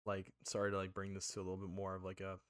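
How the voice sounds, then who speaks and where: A man's voice: sits low, completely flat delivery, racing, over a noisy crowd. A man hosting a casual gaming podcast, rambling with a lot of fillers and steering the conversation between topics. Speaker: podcast host.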